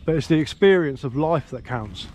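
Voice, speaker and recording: A man's voice: on the high side, expressive, moderate pace, darkish tone. An English man vlogging while walking in woodland, rambling easily about nature, with a slight slur from a missing tooth. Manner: chatty, rambling, easygoing. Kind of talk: casual outdoor vlog. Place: woodland outdoors. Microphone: handheld camera. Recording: faint outdoor noise, birdsong.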